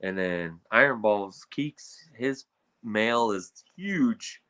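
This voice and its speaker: A man speaking as a reptile breeder guest in a casual podcast conversation, talking in a blunt, animated and exasperated way. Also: lowish voice, slow pace, clear, resonant tone.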